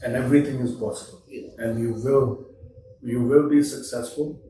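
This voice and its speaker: Hesitant host from India, far from the mic. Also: male voice, medium pitch, steady tone, moderate pace, dark tone. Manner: hesitant, many fillers. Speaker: podcast host. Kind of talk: casual interview chat. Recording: distant mic in a very echoey room with faint noise.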